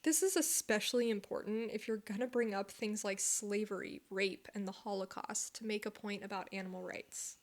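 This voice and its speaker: A woman's voice: mid-range voice, fairly even intonation, moderate pace, few pauses. A woman vlogger delivering scripted commentary, blunt and argumentative, swearing for emphasis.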